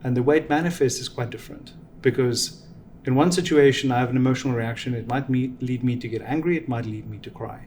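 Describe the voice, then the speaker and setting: Middle-aged male guest, measured explainer, mid pitch, faint noise. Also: a little mellow. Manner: measured, explanatory, gives examples. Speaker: venture capital guest. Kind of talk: reflective interview answers.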